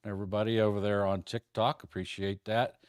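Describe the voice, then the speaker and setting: Man, middle-aged, low voice, dry close sound, folksy rambling trading lesson. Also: level tone, fast, darkish tone, clear, resonant tone, dry recording. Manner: rambling, folksy, stumbles over words. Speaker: trading instructor. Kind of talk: casual livestream lesson.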